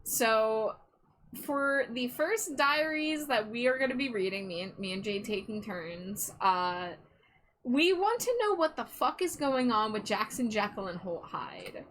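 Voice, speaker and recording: A woman hosting a live stream, chatting casually and excitably, swearing freely. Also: a little high, unhurried. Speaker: streamer host.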